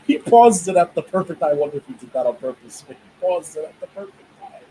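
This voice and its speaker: A channel host reacts to cooking in a casual commentary, laughing a lot and groaning with drawn-out, dismayed remarks. His voice is on the high side and mellow with big pitch swings, heard in a low-quality recording with slight background noise.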